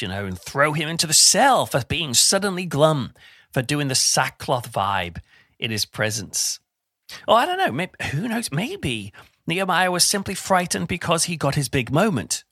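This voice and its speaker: A middle-aged man giving an informal Bible talk in a chatty, animated way with self-deprecating humour. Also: fairly high pitch, no echo, studio quality. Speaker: preacher.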